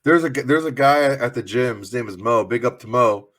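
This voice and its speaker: A man's voice: mid-range voice, a little fast, fairly bright tone. A man co-hosting a sports podcast, telling loose, profane stories full of fillers. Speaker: podcast co-host. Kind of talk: casual sports chat.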